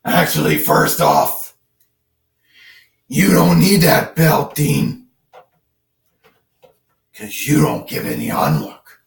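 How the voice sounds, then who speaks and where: Batman, a man rasping as a gravelly hero. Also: mid-range voice, huge pitch swings, slow, pauses often, full character voice. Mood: stern. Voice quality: hoarse, gravelly, like laryngitis. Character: brooding male superhero with a gravelly voice. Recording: roomy, distant from the mic.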